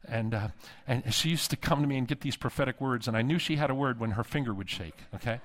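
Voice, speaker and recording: Speaking quickly in a medium-pitched voice, a middle-aged man who is dean of a seminary delivers a sermon in a conference hall. He tells funny stories and mimics the voices of those he quotes.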